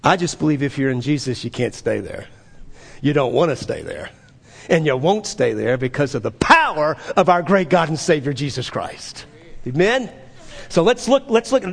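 A man's voice: medium pitch, sing-song, normal speed, creaky, husky, in a large hall. A middle-aged man preaching a sermon, driving points home with repeated phrases and rhetorical questions. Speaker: pastor.

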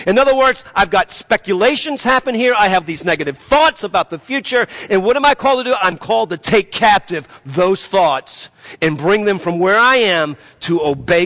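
A pastor preaching a sermon, swinging between loud emphatic peaks and quieter asides. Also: male voice, sits high, lively intonation, moderate pace.

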